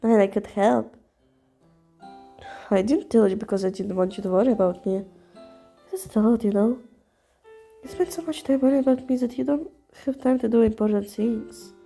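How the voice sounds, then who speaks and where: A woman voicing a troubled young male best friend in a fan reading of a visual novel; soft, hesitant and apologetic. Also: fairly high pitch, moderate pace, gravelly, long pauses, soft background music. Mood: guarded.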